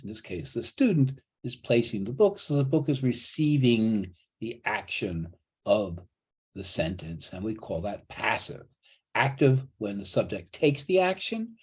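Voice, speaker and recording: A man's voice: medium pitch, a little mellow, breathy edge. A man teaching a college English class over a video call, explaining patiently and often restarting and repeating his phrases. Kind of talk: online class lecture.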